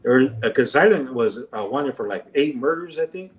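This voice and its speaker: A man's voice: animated, a little fast, slight background noise. Male podcast guest, rambling anecdotal delivery, distant and roomy. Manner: rambling, full of fillers, acts out quoted lines in a higher voice. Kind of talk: casual storytelling. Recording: roomy and off-mic.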